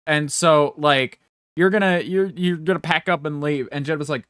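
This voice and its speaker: A man's voice: on the high side, normal speed, clean tone, no room sound, clean studio sound. A young man co-hosting a podcast, rambling through stories with frequent swearing and bursts of silly voices. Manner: rambling, profane, animated, puts on comic voices. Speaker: podcast co-host. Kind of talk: casual banter, storytelling with silly voices.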